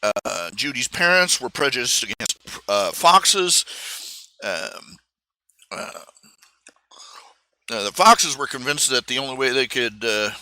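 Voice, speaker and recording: Man streamer, lively pitch, very bright and dry, rambling with lots of fillers. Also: no echo. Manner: halting, full of fillers and restarts. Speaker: live stream host. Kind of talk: casual rambling monologue. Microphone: streaming microphone.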